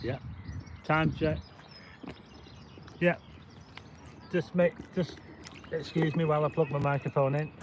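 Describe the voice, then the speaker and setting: A man with a slightly high voice and a steady tone hosts a live walking vlog in a city park. He's unhurried and pauses often, recorded with slight background noise on a plug-in mic attached to a phone with a stabilizer. He rambles chattily, greets viewers and reads the chat.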